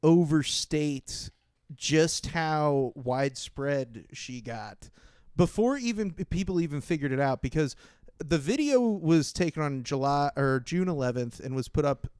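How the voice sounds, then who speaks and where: A man hosts a comedy podcast with a smooth, slightly high voice. He chats loosely, laughing and tossing in "dude" often. The close mic sounds dry. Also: expressive, unhurried, a little mellow, no room sound. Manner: laughs a lot, says "dude", puts on voices for quotes. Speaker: podcast host. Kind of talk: casual comedy podcast chat.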